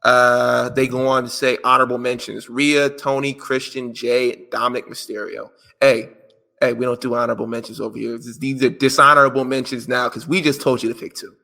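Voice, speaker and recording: Podcast co-host, male, gravelly and bright, joking and slangy while reading listener answers. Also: medium pitch, level tone, a little fast.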